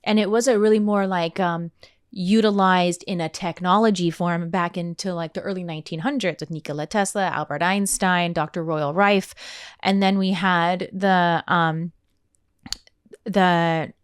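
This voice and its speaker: A woman's voice: fairly low pitch, steady tone, a little slow, clear, resonant tone, dry recording, studio quality. A woman guest on a podcast, earnestly explaining ideas in casual talk and sometimes searching for words. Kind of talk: casual chat.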